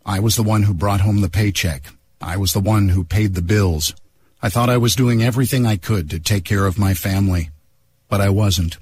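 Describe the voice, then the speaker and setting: A man's voice: on the low side, slightly rough. A man voicing a somber, regretful husband in a scripted insurance radio ad.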